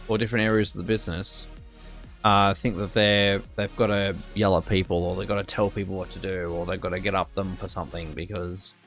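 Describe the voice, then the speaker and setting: A young Australian man telling a work story in a casual, rambling way, full of fillers and restarts and getting indignant. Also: fairly low pitch. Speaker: streamer.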